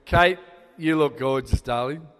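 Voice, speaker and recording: An older Australian man gives a father-of-the-bride speech, his voice sitting a little high for a man. He rambles with fond fillers and restarts. The sound carries a long hall reverb. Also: measured pace, a bit bright. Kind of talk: wedding speech.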